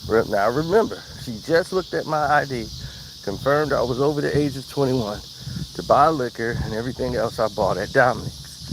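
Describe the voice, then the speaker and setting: A man's voice: medium pitch, normal speed. A young man casually telling a wry anecdote outdoors, laughing now and then. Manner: laid-back, wry, laughs through story. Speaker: storyteller vlogger. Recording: outdoor cricket noise.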